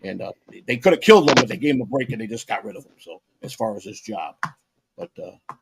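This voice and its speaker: A man's voice: on the low side, expressive, quick pace, vocal fry, husky. A man in his fifties, a podcast co-host, telling rambling, profane stories in casual chat with lots of restarts.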